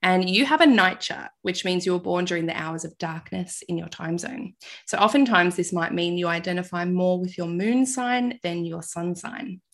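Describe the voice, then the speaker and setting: A woman's voice: lowish voice, moderate pace. An Australian woman hosting a podcast interview, bubbly and giggly, chatting casually with her guest. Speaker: podcast host.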